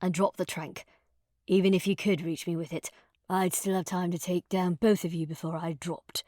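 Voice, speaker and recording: A woman voicing a menacing male intruder with a grating voice, speaking slowly and coldly in an audiobook. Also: on the low side, fairly even intonation, mellow, no room sound, studio quality, close to an everyday voice. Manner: slow, cold and threatening.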